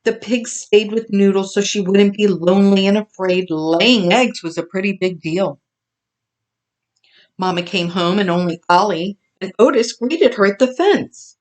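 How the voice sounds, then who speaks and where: A woman reading a children's farm story aloud, expressive and gentle. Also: medium pitch, measured pace. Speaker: storybook reader.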